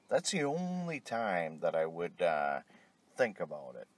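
Tired, swearing man ranting in a low voice. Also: wildly swooping pitch, a little slow. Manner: angry, blunt, heavy swearing. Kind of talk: profane rant to camera.

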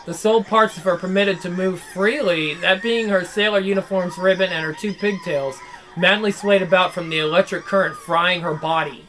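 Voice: mid-range voice, steady tone, normal speed, a bit bright, slight background noise. Reader narrating a visual novel. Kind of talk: reading a visual novel aloud.

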